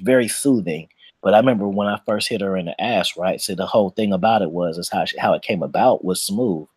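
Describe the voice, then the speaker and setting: A man's voice: low voice, fairly quick, a little mellow, husky, dry recording. A man co-hosting a casual, uncensored chat, talking in a boastful, profane, slick storytelling way. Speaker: podcast co-host.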